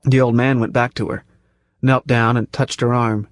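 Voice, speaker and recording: A man's voice: medium pitch, flat delivery. Man narrating a tense audiobook. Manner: measured, tense storytelling. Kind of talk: first-person audiobook narration.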